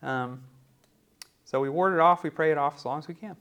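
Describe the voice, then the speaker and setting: Male pastor, higher-pitched, casual teaching sermon, filler-heavy, rhetorical asides. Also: a little fast, fairly bright tone, smooth. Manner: conversational, many ums and rhetorical "right?".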